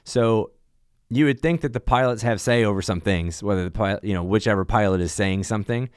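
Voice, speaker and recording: Casting: male airline pilot guest, low smooth voice, dry close sound, animated storyteller. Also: fairly quick, dry recording. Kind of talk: casual podcast chat.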